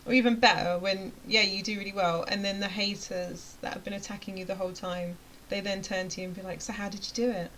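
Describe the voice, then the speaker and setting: A woman's voice: mid-range voice, level tone, brisk, few pauses, a bit bright, a little hiss or hum, rough recording. A woman running a motivational rant to camera, chatty and emphatic, sometimes dropping to a near-whisper. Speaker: vlogger and web design coach.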